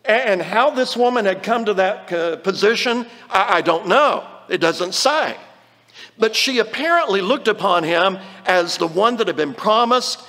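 A high-pitched preacher gives an earnest, explanatory sermon on the Bible, his voice expressive and sharp. He slows right down whenever he reads a verse, and a long reverb makes it sound like a large hall.

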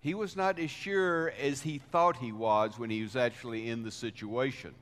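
A man preaching a sermon as pastor, deliberate, with swells of emphasis. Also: mid-range voice, a bit bright. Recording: reverberant hall sound.

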